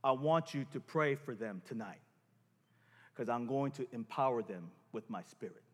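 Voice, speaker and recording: A man voicing God as a calm, commanding presence, speaking low and firmly. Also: moderate pace, big-room sound, natural voice.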